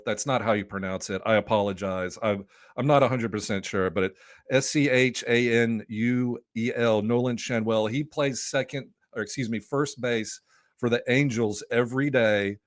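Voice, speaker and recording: A man's voice: medium pitch, no echo, clean studio sound. A man guesting on a sports podcast, talking loosely and enthusiastically with lots of restarts. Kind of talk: casual podcast chat.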